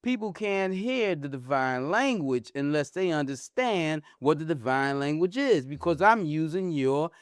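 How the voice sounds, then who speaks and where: A man teaching in a religious discussion, often stopping to ask "huh?" to check that his listeners follow, and pushing up his pitch and force to stress a point. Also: animated, unhurried, few pauses, clean tone, no echo, studio quality.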